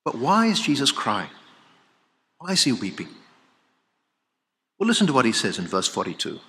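A man preaching a sermon, swinging from loud exclamations to hushed, solemn lines. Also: medium pitch, wildly swooping pitch, normal speed. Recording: long hall reverb.

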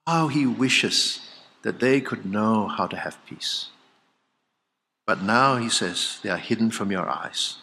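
A man preaching a sermon, swinging from loud exclamations to hushed, solemn lines. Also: lowish voice, expressive, slow. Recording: long hall reverb.

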